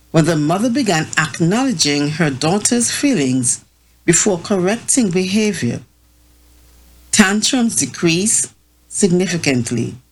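A woman hosting a talk on parenting, reading prepared remarks in a measured way and sometimes correcting herself. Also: fairly low pitch, poor audio. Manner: slow, measured, with self-corrections. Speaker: host.

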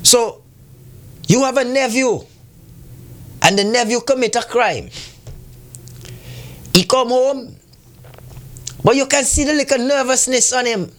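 Man, very high voice, preachy and scolding, asks rhetorical questions. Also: measured pace, long pauses, fairly bright tone. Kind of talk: impassioned community commentary.

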